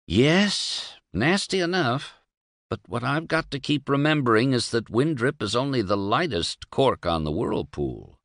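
A man's voice: medium pitch, very animated, a little slow, fairly bright tone, no room sound, studio quality, pitched above the performer's own voice. A man voicing a wry, outspoken middle-aged man who rambles sardonically and with emphasis. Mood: sardonic.

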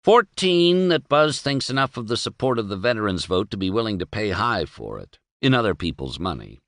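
A man reading a wry, outspoken middle-aged man who rambles with sardonic emphasis. His voice sits low and swings widely in pitch, and the sound is dry and close. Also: very animated, brisk, fairly bright tone, no room sound.

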